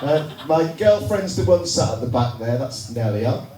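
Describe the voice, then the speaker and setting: Yorkshire stand-up comedian in an echoey club. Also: male voice, medium pitch, expressive, normal speed. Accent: Northern English, Yorkshire. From England. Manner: chatty crowd work, sardonic asides. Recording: echoey room, recorded from far off, noisy. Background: audience laughter.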